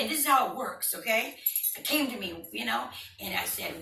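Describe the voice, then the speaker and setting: Bright-voiced woman doing stand-up. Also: fairly high pitch, fairly quick, creaky, echoey room, recorded from a distance, a little hiss or hum. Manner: animated storytelling with acted-out voices and sound effects. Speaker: stand-up comedian. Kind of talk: stand-up comedy routine.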